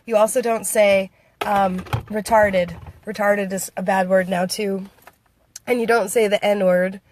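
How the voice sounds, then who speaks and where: A woman's voice: mid-range voice, fairly even intonation, measured pace, a little mellow, slight background noise. Giggly American woman vlogger. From United States. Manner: giggly and playful, laughs often. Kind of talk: casual chat to viewers, reading comments.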